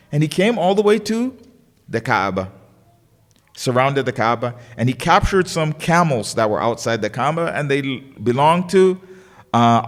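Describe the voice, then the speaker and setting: A man delivers a sermon with a lively, swooping voice that sits a bit high for a man. He tells the story vividly and acts out each voice in the quotes. His voice rings with a long reverb through the lecture hall. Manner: storytelling, acting out voices in quotes with big pitch swings. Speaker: sheikh giving a religious lecture. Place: lecture hall of a learning center.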